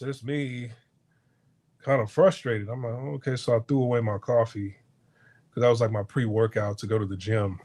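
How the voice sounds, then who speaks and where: A man hosting a casual podcast monologue, rambling through a story with frequent restarts and stammers, acting out the lines of the people he quotes. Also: fairly low pitch. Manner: animated retelling with acted-out quotes. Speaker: podcast host. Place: hotel abroad.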